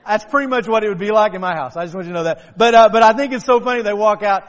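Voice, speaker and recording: A man preaching a sermon to his church, talking conversationally and rising to emphatic shouts. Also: sits high, racing, long reverb tail. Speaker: pastor. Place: church sanctuary.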